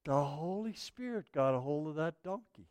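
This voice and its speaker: A man preaching a sermon as the pastor, telling stories in an animated way. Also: fairly high pitch, moderate pace, no room sound.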